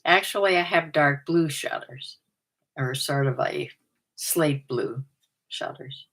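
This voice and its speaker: An older woman, a vlogger and part-time reseller, speaks slowly in a deep, slightly bright voice while chatting to camera at home. She goes through a numbered list about herself and frequently laughs at her own remarks.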